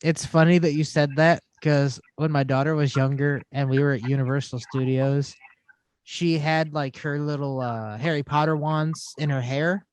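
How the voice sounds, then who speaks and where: A man's voice: on the high side, fairly even intonation, normal speed, darkish tone, clean tone, no echo. Profane, ranting middle-aged man. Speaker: podcast host. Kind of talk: casual podcast chat.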